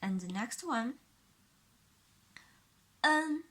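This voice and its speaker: A woman with a Chinese accent teaching a pinyin lesson, explaining sounds slowly and carefully and repeating each one for the learner. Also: a little high, animated, fairly bright tone. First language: Mandarin Chinese.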